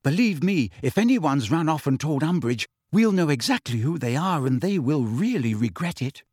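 Male narrator doing a bossy teen witch, high and prim, brisk storybook voice. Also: very animated, darkish tone, slightly rough, no room sound, studio quality. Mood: grim. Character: clever bossy teenage schoolgirl witch.

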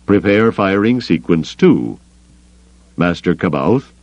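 A man voicing a cold, calculating grand admiral who speaks in a measured, controlled way. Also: low voice, lively intonation, darkish tone, no room sound, muffled recording, heavily acted. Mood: coolly commanding.

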